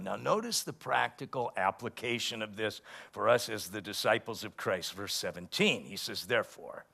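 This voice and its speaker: Man, pastor, sermon, gravelly, bright tense tone, animated preaching. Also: lowish voice, normal speed, hardly any pauses. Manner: animated preaching, rising loud for quoted scripture.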